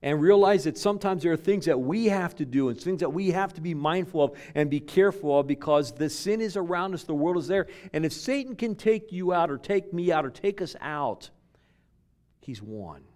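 Preaching to his flock, this man speaks with a fairly high pitch and lively intonation at a moderate pace. His storytelling repeats words and starts over, sinking from booming emphasis into near-whispers.

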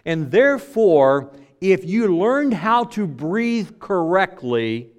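A middle-aged man preaching a sermon, telling a personal story with frequent restarts and swings between loud and soft. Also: sits high, slow. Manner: lively storytelling, repeats words, varies volume widely.

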